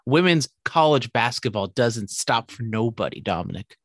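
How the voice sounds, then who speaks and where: A man's voice: medium pitch, lively intonation, normal speed, a bit bright, dry recording, clean studio sound. A young man from California co-hosting a casual podcast, teasing his friend and swearing offhandedly. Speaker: podcast co-host.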